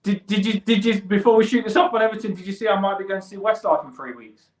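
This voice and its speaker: Rambling fan-show host, slightly high male voice, echoey room. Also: quick pace. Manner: rambling, stumbling restarts. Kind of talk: casual chat.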